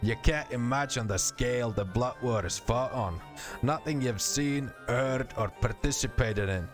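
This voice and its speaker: A man voicing a gruff, scornful male war storyteller from a fantasy game, with a put-on Scottish accent and a slangy, ranting manner. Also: medium pitch, unhurried, over music, close to an everyday voice. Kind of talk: reading game dialogue aloud in character.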